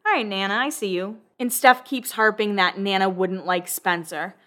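As a show host, a woman with a bright, forward, mid-range voice chats casually at a moderate pace. She swears freely, breaks into laughs, and keeps up a loose, conversational recap.

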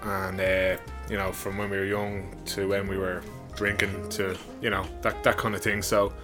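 A man's voice: low voice, level tone, normal speed, over music. A man hosting a podcast, laughing along with his co-host and introducing the next segment in a laid-back way.

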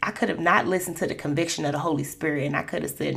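A woman's voice: sits low, fairly even intonation, fast talker, creaky. A woman hosting a Christian podcast, telling personal faith stories in a conversational way with lots of "you know.". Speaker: podcast host.

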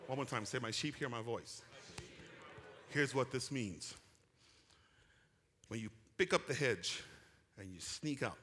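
A man preaching a sermon, calling out to his congregation for responses and building from quiet talk to shouting. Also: mid-range voice, big-room sound. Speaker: pastor. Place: church sanctuary.

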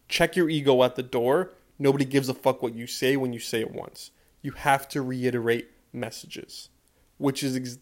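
A young man in his twenties rants on his podcast, worked up and swearing freely. He drives his point home by repeating the same line again and again, with a mid-pitched voice. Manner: profane, repeating a refrain, emphatic. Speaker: podcast host. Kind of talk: fired-up podcast rant.

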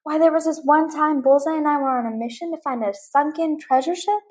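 A woman's voice: high-pitched, fairly quick, a little mellow, voice pushed up, close to an everyday voice. A woman voicing a folksy, cheerful male cowboy toy as he spins a pirate tale in a storybook reading. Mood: storytelling.

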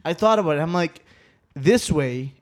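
Chatty Aruban podcast host, light voice. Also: male voice, on the high side, expressive, normal speed. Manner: rambling, laughing, many restarts and fillers. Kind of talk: casual chat.

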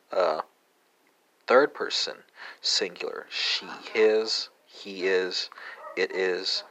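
A man hosting a language lesson podcast, talking through verb forms with lots of "uh" pauses and a habitual "right?", spelling words out letter by letter. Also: deep voice, pushed and bright. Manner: halting, many "uh" fillers and tag "right?". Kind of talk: casual spoken language lesson.

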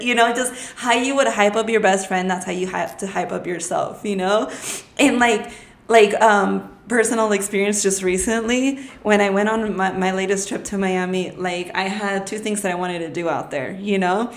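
A woman co-hosting a podcast in casual chat, blunt and swearing freely as she tells animated stories. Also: mid-range voice, normal speed, roomy sound. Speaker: podcast co-host.

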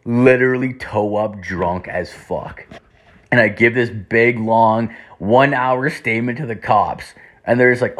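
A young man with a lowish voice tells a long story in loose, casual talk. He rambles, swears constantly, and leans on "like" between nearly every phrase. He often acts out quoted lines from other people. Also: moderate pace.

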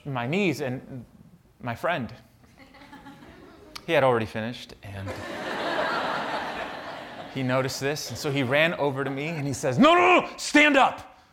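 A man's voice: medium pitch, a bit bright, a little hiss or hum. Earnest man preaching a personal story. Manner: storytelling, then earnest reflection. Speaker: pastor. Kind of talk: sermon.

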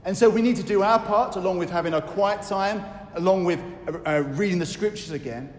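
A man preaching a sermon in a church, earnest, with fillers and restarts, slowing down for scripture. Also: high-pitched, darkish tone. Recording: echoey hall with faint noise.

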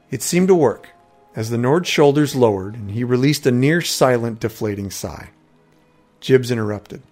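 A man's voice: medium pitch, lively intonation, moderate pace, darkish tone, soft background music. A man narrating a first-person fantasy story in a conversational tone, with wry asides.

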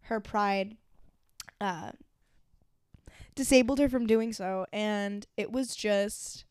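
A woman's voice: mid-range voice, slow pace, darkish tone, clear, resonant tone, no echo, clean studio sound. A woman in her twenties co-hosting a casual podcast, telling a personal story candidly and emotionally, with lots of fillers and swearing. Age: 20s. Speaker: podcast co-host.

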